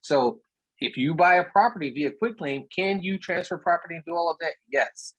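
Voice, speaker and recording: A man's voice: a little high, normal speed, fairly bright tone, dry recording, highs cut off. A man speaking as a guest on an online meetup, telling plain, casual stories about buying property. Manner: storytelling, plainspoken, repeats words. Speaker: real estate investor speaker. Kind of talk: casual talk on a video meetup.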